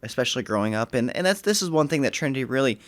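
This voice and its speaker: A young man, a graduating high school senior, talking earnestly and reflectively in a casual podcast interview. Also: lively intonation, very fast, no room sound. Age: young adult. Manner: earnest, reflective, some restarts.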